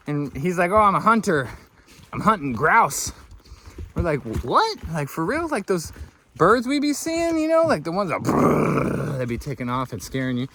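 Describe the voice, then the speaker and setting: A man's voice: on the high side, a little hiss or hum. A man vlogging outdoors on a long wilderness hike, telling a story with lots of laughter and acting out the other people in it. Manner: excitable, laughs often, acts out both sides of a story. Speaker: thru-hiker vlogger. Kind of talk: casual storytelling to camera.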